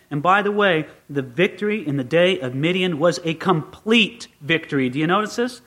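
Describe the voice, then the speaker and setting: A middle-aged man preaching a Bible sermon as pastor, swinging between quiet asides and excited peaks. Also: on the high side, moderate pace, hardly any pauses.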